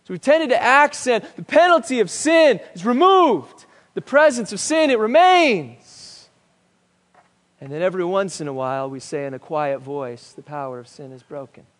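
A male pastor preaching a sermon, swinging between loud emphatic declarations and hushed, quiet lines. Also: high voice, big pitch swings, normal speed. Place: church sanctuary. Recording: long reverb of a church hall.

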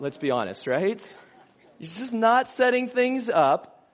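A man's voice: high voice, animated, normal speed, a bit bright. A man preaching a conversational sermon as a pastor, with easy asides and chuckles. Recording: dull lo-fi sound.

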